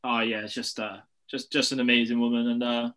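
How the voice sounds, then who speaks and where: A man with a mid-pitched, bright, forceful voice talking as a guest on a casual podcast. He hesitates with ums and little laughs while searching for words. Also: little pitch movement, brisk.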